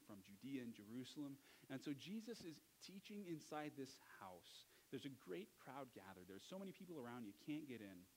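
A man's voice: medium pitch, darkish tone, slight background noise, rough recording. A man preaching a sermon as pastor, conversational and unscripted, stumbling and correcting himself now and then. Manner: conversational, with restarts and self-corrections.

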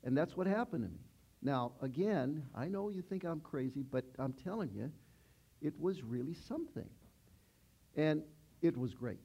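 Older male preacher, husky and a bit high, chatty sermon delivery, muffled recording. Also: animated, normal speed, dark tone. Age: 60s. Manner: chatty, asks the congregation questions. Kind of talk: conversational sermon.

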